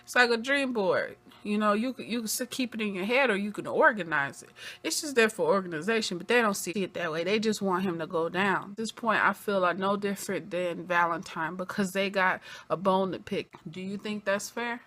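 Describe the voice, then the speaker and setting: A woman giving an animated recap of a TV episode, acting out the characters' lines in quoted voices as she goes. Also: medium pitch, brisk. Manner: acts out scenes in quoted voices. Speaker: TV episode reviewer.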